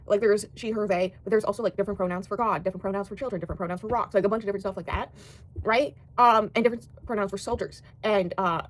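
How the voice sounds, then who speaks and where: A young American woman chatting casually about books, rambling with lots of fillers and casual swearing. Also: medium pitch. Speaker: book vlogger. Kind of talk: casual book chat.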